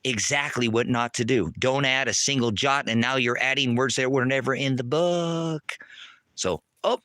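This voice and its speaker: A man on a livestream, ranting angrily at his chat, swearing and preaching, loud one moment and lecturing low the next. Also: normal speed, no room sound. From United States. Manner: angry, profane and preachy, swings between shouting and low lecturing. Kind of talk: heated livestream rant to chat.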